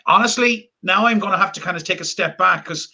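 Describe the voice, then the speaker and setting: A man's voice: sits high, brisk, gravelly, bright, forceful tone. An Irish man, a comedian guest, joking and rambling through a casual chat. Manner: joking, rambling, full of asides and laughter.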